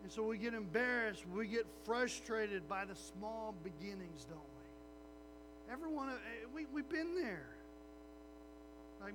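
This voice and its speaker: A man preaching a sermon as a pastor, animated and acting out little voices of his listeners. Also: sits high, measured pace, music in the background, rough recording.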